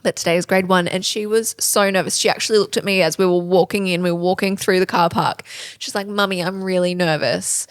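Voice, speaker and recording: A woman's voice: mid-range voice, steady tone, quick pace, clear, resonant tone, no echo. A woman, co-hosting a parenting podcast in casual chat and laughing often. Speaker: podcast co-host.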